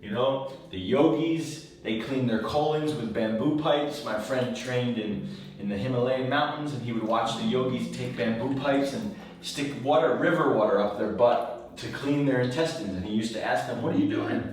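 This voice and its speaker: A man, a wellness coach, giving a relaxed, conversational how-to talk from his bathtub, rambling a little and repeating words as he goes. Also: medium pitch, normal speed, distant mic, slight background noise. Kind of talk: casual instructional talk. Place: bathroom, in a bathtub. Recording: very echoey room, voice from off the mic.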